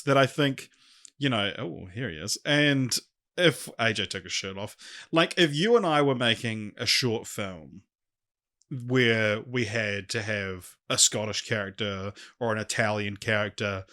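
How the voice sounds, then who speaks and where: Male co-host, loose rambling banter with laughs, bright tone. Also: medium pitch. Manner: rambling, hesitant, laughs often. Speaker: podcast co-host. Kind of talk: casual chat.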